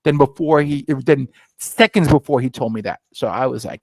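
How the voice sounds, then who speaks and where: Animated storytelling man, dry sound. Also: normal speed, no echo, faint music behind, rough recording. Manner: animated, jumps to high excited pitch when retelling; many fillers and restarts, acts out quoted dialogue. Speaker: guest, scotch brand founder. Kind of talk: casual storytelling interview.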